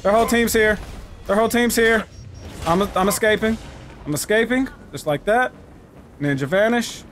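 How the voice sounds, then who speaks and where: A man streaming a game with loud, profane trash talk and sudden shouts. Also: sits high, normal speed, a little hiss or hum. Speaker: gaming streamer. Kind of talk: live gameplay commentary.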